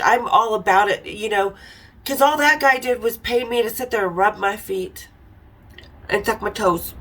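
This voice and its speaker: A woman's voice: a little high, rough recording. Frank woman spilling racy stories. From Utah. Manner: frank, irreverent, laughs while telling stories. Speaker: podcast host telling stories. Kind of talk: casual storytelling.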